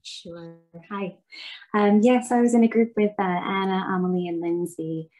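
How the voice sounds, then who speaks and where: A woman's voice: mid-range voice, steady tone, moderate pace, dark tone, low-quality recording. A woman reporting back for her group in a webinar, speaking thoughtfully on a video call with some fillers. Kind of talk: casual spoken group report.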